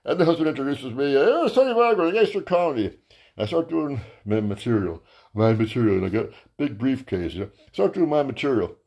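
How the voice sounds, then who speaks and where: A man's voice: fast talker, gravelly. Guy doing a crude rambling standup bit, swears a lot, voice bounces all over. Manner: crude, profane, rambling with fillers; lively, jumps to high voices for quotes. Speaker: stand-up comedian and show host. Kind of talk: stand-up storytelling monologue.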